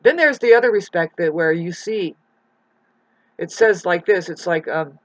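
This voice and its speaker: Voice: medium pitch, moderate pace, a bit bright, no echo, low-quality recording. A vlogger in a rural mountain home, delivering a rambling, profane, preachy rant to the camera.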